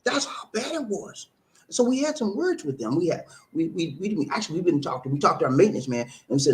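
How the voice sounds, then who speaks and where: A man's voice: high voice, fast. A man hosting a live stream, casually telling viewers a story, repeating words and acting out the dialogue. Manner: animated, repeats words, acts out quoted dialogue. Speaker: live-stream host reading viewer comments.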